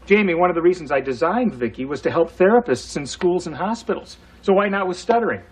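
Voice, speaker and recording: A man's voice: high voice, quick pace, husky. An actor playing a playful, flirty middle-aged father and robot inventor in a studio sitcom. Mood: cheerful. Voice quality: lively, teasing delivery. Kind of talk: 1980s studio sitcom acting.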